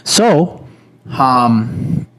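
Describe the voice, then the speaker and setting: A man's voice: medium pitch, sing-song, extremely slow, fairly bright tone, a little hiss or hum. A young man co-hosting a podcast, telling a story in loose casual talk and swearing freely. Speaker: podcast co-host. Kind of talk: casual chat.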